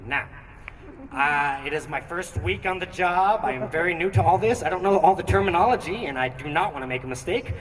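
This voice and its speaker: A young man performing a stand-up comedy routine with animated, theatrical storytelling on a theatre stage. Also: a little high, a little fast. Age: young adult. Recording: echoey hall, distant mic, noisy.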